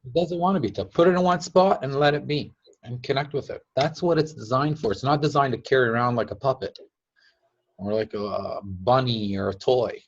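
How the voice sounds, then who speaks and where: A man's voice: medium pitch, a little fast. A man teaching casually, chatty, laughing often and acting out quotes. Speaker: teacher of a device-building group. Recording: dull lo-fi sound.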